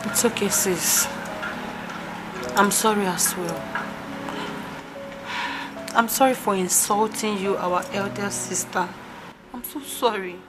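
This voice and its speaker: An actress with a Nigerian accent playing a younger princess sister who is apologizing. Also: female voice, mid-range voice, takes it slowly, long pauses, music in the background, natural voice, poor audio. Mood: apologetic.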